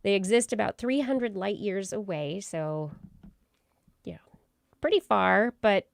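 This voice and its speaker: A woman's voice: medium pitch, measured pace, vocal fry, no echo. A woman hosting a science podcast, walking through research stories in a loose, chatty way. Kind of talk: casual science chat.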